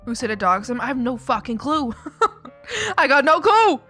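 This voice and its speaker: A woman's voice: sits high, sing-song, normal speed, bright, forceful tone. A young woman from Canada chatting casually on a live stream, rambling, laughing often and swearing freely. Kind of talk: casual chat. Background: faint background music.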